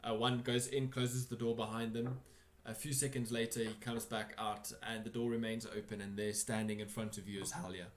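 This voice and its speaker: A man's voice: on the low side, little pitch movement, moderate pace, few pauses, echoey room. A man narrating a tabletop game as game master, in a casual, rambling way with many fillers.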